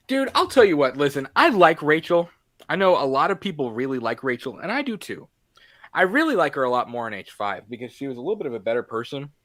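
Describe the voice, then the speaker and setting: A man's voice: mid-range voice, a bit bright. A man co-hosting a casual movie podcast, talking animatedly and acting out lines from the film in little voices. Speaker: podcast co-host.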